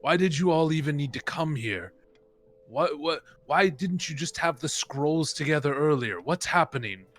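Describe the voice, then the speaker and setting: A man's voice: on the high side, lively intonation, normal speed. A man playing a tabletop game, joking and laughing often. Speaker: player. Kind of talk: casual tabletop play.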